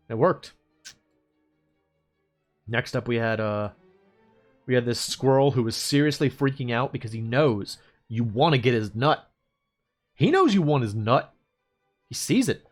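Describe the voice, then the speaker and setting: A man's voice: mid-range voice, animated, measured pace, pauses often, soft background music. A man streaming as he draws, chatting in a rambling, laid-back way and chuckling to himself. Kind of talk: casual chat while drawing.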